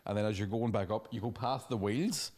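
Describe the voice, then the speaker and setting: A young Northern Irish man, co-hosting a comedy podcast, telling stories in a lively, swearing way. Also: fairly low pitch, a little fast. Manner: animated storytelling with profanity and put-on quoted voices. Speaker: podcast co-host and stand-up comedian. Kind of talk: casual comedic chat.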